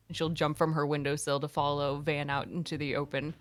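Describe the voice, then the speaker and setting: A woman's voice: sits low, little pitch movement, a little fast, few pauses, soft background music. Bubbly woman player in character. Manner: eager, bubbly in-character chat. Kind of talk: tabletop role-play.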